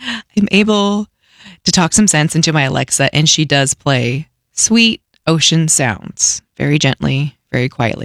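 A woman radio host telling a funny story in a casual, animated, self-deprecating way. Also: low-pitched, measured pace, dry recording, clean studio sound.

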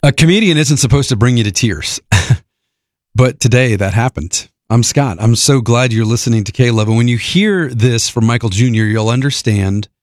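A man's voice: mid-range voice, moderate pace, no echo, a faint crowd. A man hosting a radio segment, speaking earnestly and upbeat. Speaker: radio host.

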